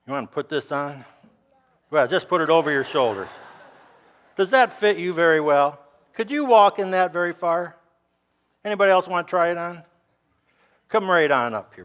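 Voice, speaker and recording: A male pastor chatting with children and acting out a story with friendly, animated voices. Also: high-pitched.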